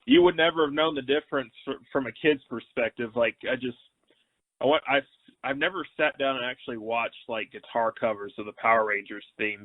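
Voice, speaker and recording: A man hosting an interview, asking long, rambling questions like an eager fan. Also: mid-range voice. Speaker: host. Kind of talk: casual interview. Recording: tinny dry phone-like line.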